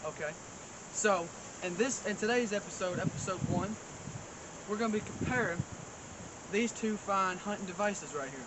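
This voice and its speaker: Man, high voice, folksy deadpan comic host, loud noise behind. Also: normal speed. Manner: rambling, folksy, mock-boastful. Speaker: comedy show host. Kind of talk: deadpan comedic monologue. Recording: loud outdoor background noise.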